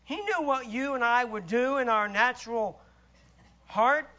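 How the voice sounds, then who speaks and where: In a sermon marked by dramatic shifts from shouts to quiet asides, a man speaks a little slowly in a very high, bright, powerful voice. The sound is muffled and low quality.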